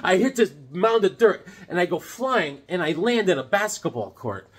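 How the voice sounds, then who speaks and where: Showing off comic books in his casual vlog, a middle-aged collector rambles, cracks jokes and tells stories, animatedly doing voices. He speaks at a normal speed in a high-pitched voice.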